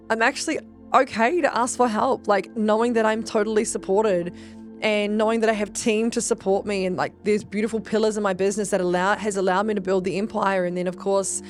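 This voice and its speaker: A woman, a business coach and podcast host, talking in an earnest, emphatic way with casual swearing and lots of fillers. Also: medium pitch. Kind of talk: casual motivational talk.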